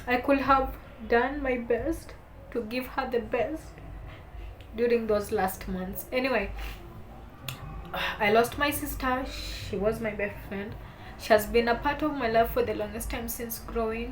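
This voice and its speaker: A young woman, talking to camera in a heartfelt, halting way while holding back tears. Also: a little high, a little hiss or hum. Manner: heartfelt, halting, soft-spoken with emotional swells. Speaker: vlogger. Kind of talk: personal talk to camera.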